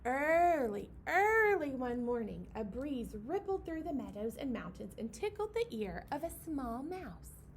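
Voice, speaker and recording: Lively high-voiced woman reading to babies. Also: measured pace, slight background noise. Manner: sing-song, playful, acts out animal sounds. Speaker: children's librarian leading storytime. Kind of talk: reading a picture book aloud to babies. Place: library storytime room.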